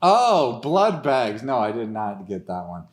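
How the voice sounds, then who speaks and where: Slow, giggly man narrating improv comedy. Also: mid-range voice, very animated. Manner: laughs often, stumbles and restarts while narrating. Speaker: improv comedy podcast host.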